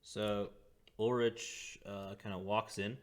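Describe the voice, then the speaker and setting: A man narrating as dungeon master, relaxed, with chuckling asides. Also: on the low side, takes it slowly, slight background noise. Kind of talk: narrating a tabletop game.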